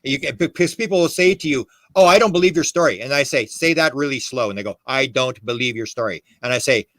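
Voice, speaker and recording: Podcast guest, male, emphatic rambler, slightly raised pitch, dry recording. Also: quick pace, fairly bright tone, no echo. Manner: emphatic, rambling with restarts and quoted dialogue. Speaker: podcast guest, UFO historian. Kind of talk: animated conversational storytelling.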